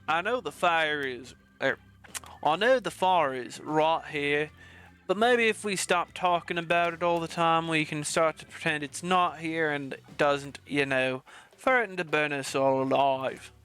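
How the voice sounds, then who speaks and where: A man voicing a stern adult female huntress from a video game, speaking in a slow, measured, lowered voice. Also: sharp tone, clean tone, faint music behind.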